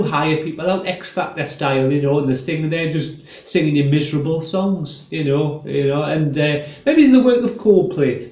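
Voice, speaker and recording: A male stand-up comedian tells rambling, meandering stories in a chatty way, full of fillers. His voice is on the high side and a little mellow, heard in an echoey room.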